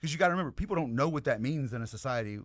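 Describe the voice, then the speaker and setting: An American man and podcast guest telling an animated, rambling story in casual chat, with many asides to the listeners. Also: medium pitch, very fast, no echo. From United States.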